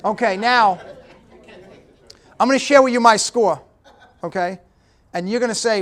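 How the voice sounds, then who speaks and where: A man's voice: sits high, normal speed, long pauses. A middle-aged man giving a motivational speech at a business breakfast, direct and punchy, often checking in with the audience. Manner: punchy, direct, talks to the audience with repeated "okay?". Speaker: guest speaker at a business breakfast.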